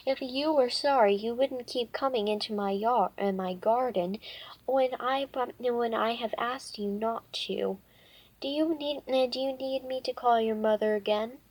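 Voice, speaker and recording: A woman reading aloud and voicing a stern, cold older neighbor, halting and restarting as she goes. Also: on the high side, a little mellow, poor audio.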